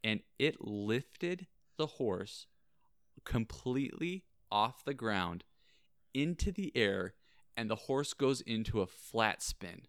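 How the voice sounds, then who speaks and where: A young man, a podcast co-host, telling a story dramatically and building suspense with slow pauses. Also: fairly low pitch, expressive, smooth, no room sound, studio quality. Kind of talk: animated storytelling.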